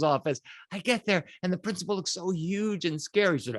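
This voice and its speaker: A middle-aged man telling a children's story in an animated, playful way. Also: sits high, a little fast, few pauses, no room sound, studio quality.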